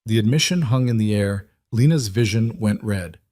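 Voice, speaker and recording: Brief: male storyteller, low voice, dry close-miked sound, even scripted narration. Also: normal speed, no echo.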